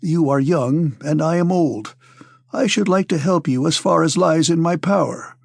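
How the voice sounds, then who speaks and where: A man voicing a severe, calm old male Freemason who speaks in a deliberate, loud way in an audiobook. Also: a little high, vocal fry, dry recording, clean studio sound. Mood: grave, paternal. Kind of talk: audiobook character reading.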